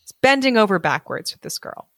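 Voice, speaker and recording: A woman co-hosting a podcast, reading a fairy tale aloud and chatting about it in a lively, laughing way. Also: medium pitch, a little fast, vocal fry, no echo, clean studio sound. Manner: animated, laughs often, voices quotes. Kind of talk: casual chat and storybook reading.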